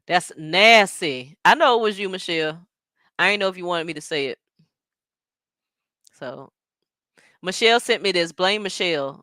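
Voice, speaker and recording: A woman's voice: fairly low pitch, moderate pace, pauses often, bright, forceful tone, no room sound, clean studio sound. A woman hosting a watch party stream, reacting in casual commentary and talking straight to her viewers with laughs and asides.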